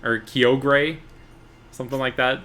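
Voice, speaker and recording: A man in his twenties chatting casually while streaming a game, relaxed and talkative with quick bursts of excitement. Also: mid-range voice. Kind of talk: casual gaming stream chat.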